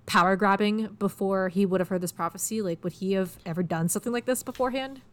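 A woman's voice: mid-range voice, quick pace. Woman, podcast co-host, casual chat, eager explainer, lots of um and like. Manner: chatty, explains eagerly with many fillers. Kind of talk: casual chat about literature.

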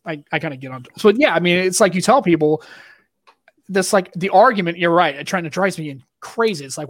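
A man's voice: fairly high pitch, fairly quick, dry recording, studio quality. A man with a Boston accent, co-hosting a podcast in casual chat, ranting with lots of restarts. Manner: animated, ranting, rambling with restarts. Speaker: podcast co-host.

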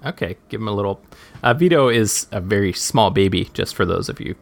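A man's voice: on the low side, animated, brisk, vocal fry. A man co-hosting a podcast in casual chat, teasing his co-host and musing in a dry way.

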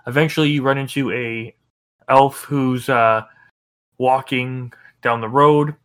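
A man running a tabletop game as game master, narrating with halting pauses and fillers. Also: mid-range voice, steady tone, a bit bright, clean tone.

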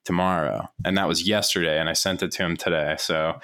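A man co-hosting a podcast in casual chat, telling rambling anecdotes. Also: fairly quick. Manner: rambling storyteller, jumps pitch when excited. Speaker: podcast co-host.

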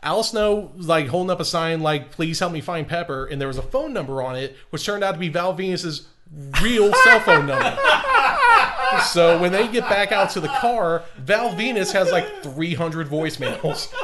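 A man's voice: a little high, lively intonation, normal speed, very noisy. Man adding details in casual chat. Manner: chiming in with added details. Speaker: podcast co-host.

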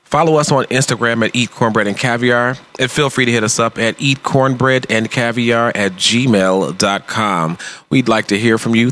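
Podcast host, male, lower pitch, upbeat and chatty, laughs often. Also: a bit bright. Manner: upbeat, laughs often, reads out plugs and addresses. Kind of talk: casual podcast chat.

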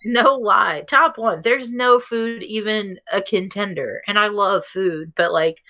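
Bright-voiced woman, blunt casual podcast co-host. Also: medium pitch, slow. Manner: blunt, swears freely, rambling. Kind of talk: casual chat.

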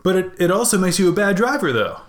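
A man's voice: high voice, very animated, fast talker. A man co-hosting a podcast in casual chat, spinning conspiracy theories with mock-dramatic flair and easy slang. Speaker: podcast co-host.

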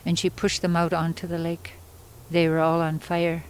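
Lowish-voiced woman telling a traditional story. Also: monotone, a little mellow, slight background noise, poor audio. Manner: unhurried, conversational telling with pauses and asides. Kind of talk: oral storytelling.

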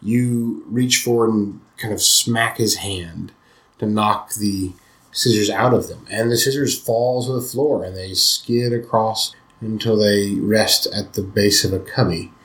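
Low-voiced man narrating as game master. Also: a little slow. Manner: steady descriptive narration.

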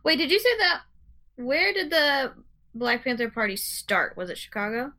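A woman in her twenties chats with a very high, bright, sharp voice. She keeps up a playful tone, tossing in quick asides. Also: very animated. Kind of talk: casual chat.

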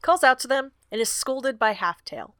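A woman's voice: high-pitched, animated, normal speed, a bit bright, clean tone, dry recording. A woman co-hosting a podcast, summarizing a book chapter in a casual chat and often laughing. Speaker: podcast co-host recapping a book.

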